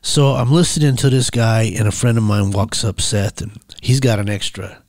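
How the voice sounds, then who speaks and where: A man's voice: lowish voice, normal speed, a little mellow, no room sound, studio quality. A man, a podcast guest, telling his own story casually and acting out the dialogue as he goes.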